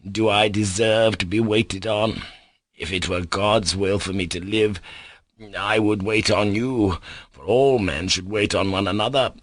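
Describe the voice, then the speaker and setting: A man voicing a gentle, tender young man who is dying, speaking in soft, caressing words. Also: on the low side, steady tone, a little slow, no room sound, studio quality. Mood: tender, joyful.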